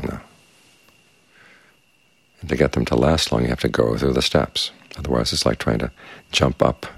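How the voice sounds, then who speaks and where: Very deep gravelly calm meditation teacher. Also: male voice, no echo. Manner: calm, measured, unhurried. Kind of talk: dharma talk. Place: quiet meditation space with crickets outside.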